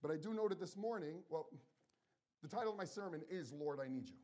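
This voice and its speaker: A man's voice: a little high, animated, quick pace, dark tone. A man preaching a sermon to his congregation, earnest and personal, talking to them directly in a conversational way.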